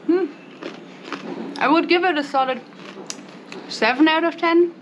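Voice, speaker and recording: A woman's voice: very high-pitched, unhurried, muffled recording. Young woman, co-host, chatty, playful, snack tasting vlog, noisy background. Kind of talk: casual snack taste-test vlog.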